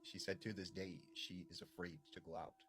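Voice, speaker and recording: Low-voiced man telling a scary story. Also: little pitch movement, moderate pace, noisy background. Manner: dramatic, draws out suspense, frequent fillers. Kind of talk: spooky storytime narration.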